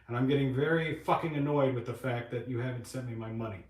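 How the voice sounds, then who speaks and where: A man's voice: mid-range voice, fast, darkish tone. A man hosting a casual live stream from his private workshop, rambling and venting his frustrations with plenty of swearing while he works. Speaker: webcam channel host. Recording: echoey room, mic far off.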